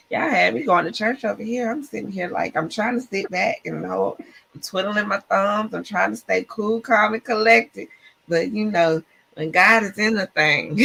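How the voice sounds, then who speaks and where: A woman hosting a podcast live online, talking in an excited, churchy, casual way, often laughing and saying y'all. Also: mid-range voice, vocal fry. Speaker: podcast host. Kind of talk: casual live-stream chat.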